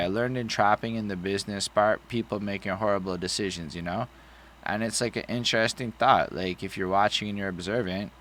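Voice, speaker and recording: A man's voice: on the low side, fairly bright tone, slight background noise. A man co-hosting a podcast, talking through an album in a casual, blunt, profane and rambling way. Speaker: podcast co-host. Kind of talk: casual album review chat.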